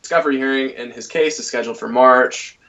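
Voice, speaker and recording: A man's voice: mid-range voice, fairly even intonation, fairly bright tone, far from the mic, highs cut off. A man co-hosting a casual talk show, reading a news story aloud with many fillers and restarts. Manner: loose, halting delivery with many fillers. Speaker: podcast co-host.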